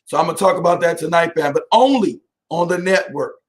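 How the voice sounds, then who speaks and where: A man hosting a casual live stream, talking to viewers by name, animated and often laughing. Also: a little high, quick pace.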